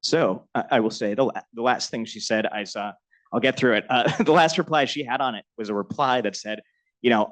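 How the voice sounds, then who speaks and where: A man's voice: medium pitch, brisk, fairly bright tone, low-quality recording. A middle-aged man on a lecture panel telling a personal anecdote about his mentor, laughing often and growing emotional as he talks.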